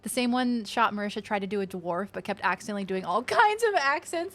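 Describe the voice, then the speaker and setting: A woman streaming a game, chatting casually and reacting with animated outbursts and swearing. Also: mid-range voice, fairly quick. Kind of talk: casual gaming commentary.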